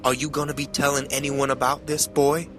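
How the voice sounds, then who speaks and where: A man voicing a violent rural father who speaks in a slow, calm, menacing way. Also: medium pitch, music in the background, lightly acted.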